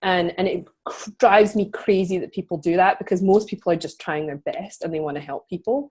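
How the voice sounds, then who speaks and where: A woman's voice: lowish voice, fairly quick, darkish tone, breathy edge. A woman hosting an interview, telling stories in a chatty, casual way with lots of fillers. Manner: chatty storytelling with frequent fillers and laughs. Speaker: podcast host interviewing a guest.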